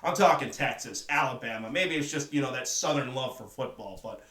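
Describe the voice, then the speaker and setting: A man's voice: mid-range voice, fairly quick, bright, forceful tone, far from the mic. A man hosting a solo sports talk show, giving opinionated commentary that circles back to the same points. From northern United States. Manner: opinionated, repeats his points. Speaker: sports podcast host. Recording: echoey room, voice away from mic.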